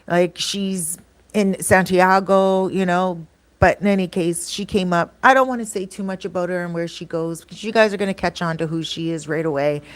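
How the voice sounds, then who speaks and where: A woman's voice: on the low side, no echo. A woman vlogger telling stories in a casual chat, rambling with lots of fillers and acting out what people said. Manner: chatty, rambling, acts out quoted dialogue; frequent fillers like um and you know. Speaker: vlogger and channel host.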